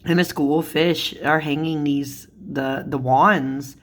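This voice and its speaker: A young woman with a low voice talks casually to her viewers about cards she finds funny. She giggles often and leans on "like" as a filler. Her chat is loose and friendly. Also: fairly even intonation, slow pace. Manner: giggly, chatty, lots of "like" fillers. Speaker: tarot YouTuber.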